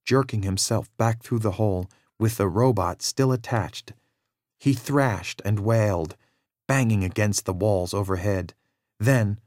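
A man narrating a children's storybook in a steady, measured read-aloud manner. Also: on the low side, no echo, clean studio sound.

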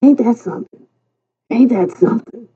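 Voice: mid-range voice, normal speed, warm tone, breathy edge, pitched above the performer's own voice, lightly acted. A storyteller voicing a grizzled old male park worker who talks in a folksy, hesitant, stammering way. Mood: gruff, shy. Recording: tinny phone-like sound.

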